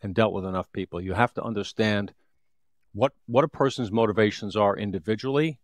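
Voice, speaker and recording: A man's voice: on the low side, brisk, no room sound. A man in his fifties, a retired police detective, telling a street story in an interview with vivid, repetitive restarts.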